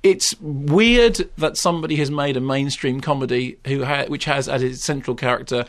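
A man reviewing films on a radio chat show, opinionated and given to exasperated rants that climb in pitch. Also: moderate pace. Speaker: film critic.

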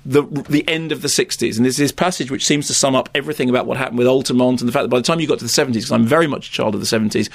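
A man's voice: medium pitch, racing, vocal fry, few pauses. A middle-aged man, co-hosting and rambling wryly through a film chat. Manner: rambling, digressive, wry. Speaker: film critic and co-host. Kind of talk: casual podcast chat.

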